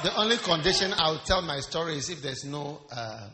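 A man preaching a humorous, animated sermon, swinging between quiet asides and shouts while teasing the congregation. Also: on the high side, moderate pace, a loud crowd, very noisy. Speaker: pastor. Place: church service. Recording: live church with music and a loud congregation.

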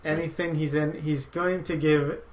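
A man's voice: on the high side, fairly even intonation, normal speed, slight background noise, poor audio. A man hosting a movie podcast, chatting casually and rambling through his opinions with frequent laughs. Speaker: podcast host.

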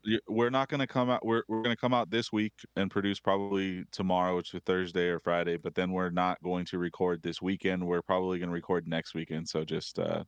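A man's voice: low-pitched, little pitch movement, brisk, hardly any pauses, clean tone, dry recording, highs cut off. A man co-hosting a casual sports podcast, talking hesitantly and often restarting his sentences. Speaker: podcast co-host.

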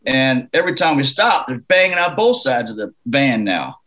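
A man from Canada, a musician guest in a casual interview, telling an anecdote in a lively, laughing way. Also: mid-range voice, normal speed, low-quality recording. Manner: animated, laughing anecdote teller.

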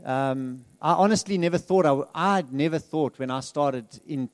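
Middle-aged man, higher voice, chatty sermon. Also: moderate pace, a little mellow, no echo. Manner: candid, chatty, laughs often, many restarts. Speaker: guest speaker in a church. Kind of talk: conversational testimony sermon.

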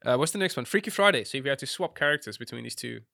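Bright, dry-sounding man, halting. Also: animated, creaky, dry recording. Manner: hesitant, lots of ums, jumps high when amused. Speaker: podcast co-host. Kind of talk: casual film chat.

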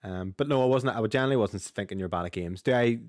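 Fast-talking Northern Irish man. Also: lowish voice, darkish tone, dry recording, clean studio sound. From Northern Ireland. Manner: rapid, chatty, sweary banter. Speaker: podcast co-host. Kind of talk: casual gaming chat.

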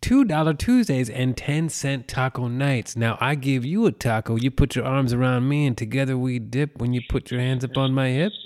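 A man's voice: medium pitch, normal speed, hardly any pauses, darkish tone. A man co-hosting a podcast in casual, jokey banter with his co-host. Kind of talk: casual chat.

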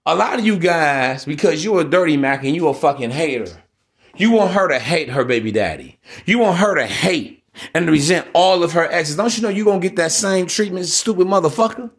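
A man's voice: fairly high pitch, lively intonation, fairly quick. A man hosting a solo podcast, giving a profane, preachy rant in street slang aimed at his listeners. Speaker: podcast host.

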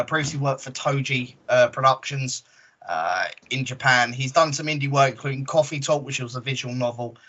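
Bright-voiced male podcast host, lo-fi. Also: fairly high pitch, a little hiss or hum. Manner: relaxed, many "uh" fillers. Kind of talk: casual podcast chat. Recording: dull lo-fi audio.

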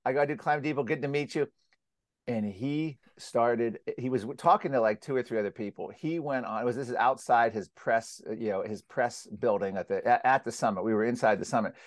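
An American man telling stories as a guest in a casual interview, animated and rambling with many restarts. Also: mid-range voice, brisk, no room sound, studio quality. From United States. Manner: animated, rambling with restarts, acts out quotes loudly. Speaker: guest, climate skeptic publisher.

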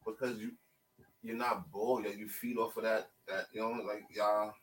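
A man co-hosting a podcast in casual chat, animated and joking. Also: fairly low pitch, moderate pace, far from the mic, a little hiss or hum, low-quality recording. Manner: animated, laughing banter. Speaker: podcast co-host.

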